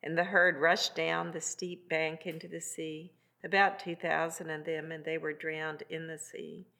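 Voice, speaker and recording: A woman in a Bible class reading scripture aloud at a steady pace. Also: deep voice, a little slow, vocal fry.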